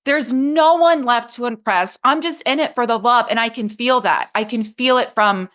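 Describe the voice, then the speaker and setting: A woman's voice: on the high side, moderate pace, a bit bright. A woman coach talks through a podcast microphone in an easy conversational way. She is earnest and emphatic and lets her emotions show, pressing her points with feeling.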